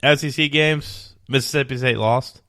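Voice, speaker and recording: A man's voice: medium pitch, fairly even intonation, normal speed, bright, forceful tone. A man co-hosting a casual sports podcast, running bluntly through college football results with plenty of swearing. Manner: blunt, profane rundown of scores.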